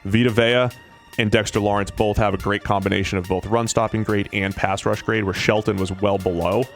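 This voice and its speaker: A man in a casual sports podcast, chatting quickly and correcting himself as he talks through draft picks. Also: lowish voice, steady tone, creaky, soft background music. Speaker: podcast analyst.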